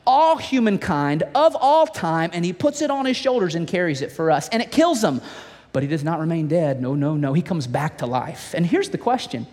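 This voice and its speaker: Male pastor, sermon style, lively playful storytelling, bright high register, long hall reverb. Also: moderate pace. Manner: animated, playful storytelling with asides. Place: church.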